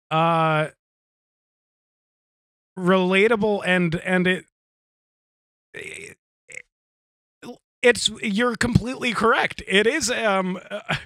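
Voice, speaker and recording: Halting high-voiced man, slow and dry. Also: bright, forceful tone, no echo. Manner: halting, many fillers and restarts, earnest. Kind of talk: casual chat.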